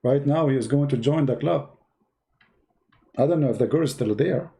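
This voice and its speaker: Gravelly guy on a livestream, mocking, kinda broken english, mellow low tone. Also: moderate pace. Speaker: host of a live stream. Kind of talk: casual livestream talk and joke telling.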